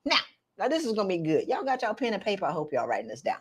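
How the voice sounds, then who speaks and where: A middle-aged woman, coaching viewers in an animated, direct, slangy way on a live stream. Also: medium pitch, racing, husky. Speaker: career coach for women.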